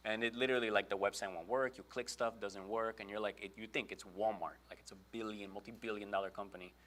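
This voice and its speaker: A man's voice: fairly low pitch, steady tone, fast talker, a bit bright. Chatty man giving a casual webinar talk. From Brooklyn, New York. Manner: chatty, filler-heavy, acts out quoted exchanges. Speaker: presenter on online selling.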